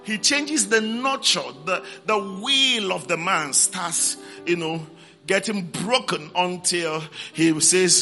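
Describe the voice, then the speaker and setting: A man's voice: high-pitched, animated, slow, sharp tone, soft background music. A man preaching a sermon, repeating key words and calling out to his congregation for responses.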